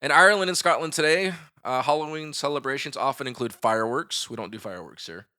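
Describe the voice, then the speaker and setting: Bright-voiced father hosting a podcast. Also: mid-range voice, fast. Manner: joking, reads facts aloud. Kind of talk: casual chat.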